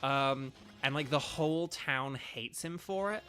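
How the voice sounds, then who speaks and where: A man's voice: mid-range voice, a little slow, pushed and bright, soft background music. A man streaming a video game, chatting casually and rambling as he reads viewer comments aloud. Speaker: streamer and voice actor.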